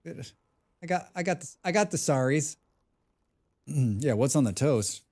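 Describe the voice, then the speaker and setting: A man's voice: a little high, expressive, slow pace, darkish tone. A man casually chatting on a game live stream, humming and mumbling nonsense sounds between remarks. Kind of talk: casual live-stream chat while playing.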